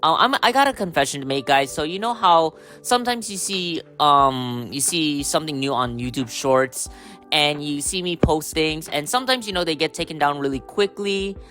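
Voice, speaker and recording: A man hosting a casual solo podcast, hoarse from a cold, rambling with lots of fillers and throat-clearing. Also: fairly high pitch, moderate pace, bright, forceful tone, soft background music. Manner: rambling, full of "you know" and "um", throat-clearing. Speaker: podcast host.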